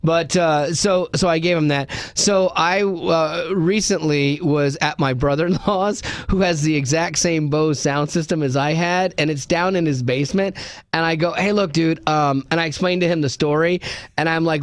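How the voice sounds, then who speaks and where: A man's voice: on the high side, fairly even intonation, smooth, no echo. A man hosting a radio show, telling jokey stories in casual studio banter and laughing often. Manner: jokey storyteller, quick to laugh.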